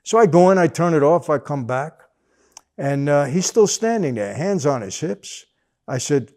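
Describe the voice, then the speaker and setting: An older man telling a personal story in a casual, animated way, acting out the dialogue. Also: fairly high pitch, moderate pace. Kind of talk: casual anecdote.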